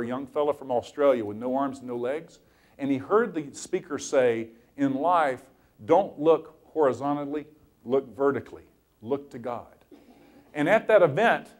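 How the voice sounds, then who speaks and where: A middle-aged man giving a motivational talk, telling a story with lively, animated delivery and acted-out quotes. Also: a little high. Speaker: inspirational speaker.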